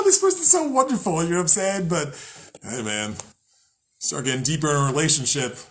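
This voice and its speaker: A man's voice: fairly high pitch, a bit bright. A young man hosting a podcast, talking casually and loosely about spirituality, swearing often, laughing at himself and sometimes acting out angry voices. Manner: rambling, profane, laughs at himself. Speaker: podcast host.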